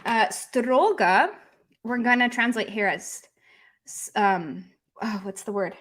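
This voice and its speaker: An American woman who speaks English natively, teaching a live-streamed language lesson. Her voice sits a little high, and her delivery is loose and chatty, full of ums and likes as she thinks aloud. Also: slow pace, a bit bright. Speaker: Russian teacher.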